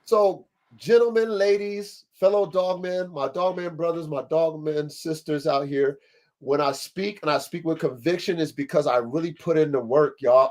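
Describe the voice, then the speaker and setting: High-voiced, emphatic, preachy man. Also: fairly even intonation, moderate pace. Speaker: podcast host and dog breeder. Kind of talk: impassioned livestream podcast talk.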